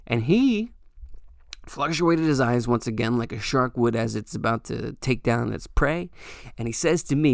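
A man's voice: medium pitch, animated, normal speed, creaky, no room sound, studio quality. A young adult man hosting a podcast, telling a rambling, profane story in a casual way. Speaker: podcast host. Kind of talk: storytelling monologue.

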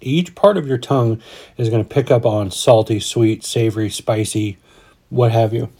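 A man's voice: medium pitch, normal speed, mellow, breathy edge. A man in his forties, a podcast host, chatting casually and rambling with frequent restarts. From Colorado, USA. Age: 40s. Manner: rambling, restarts often, folksy. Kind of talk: casual chat.

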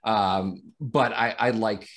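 A man on a casual sports podcast, giving his views haltingly and repeating words as he thinks. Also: fairly low pitch, steady tone, a bit bright. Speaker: podcast co-host.

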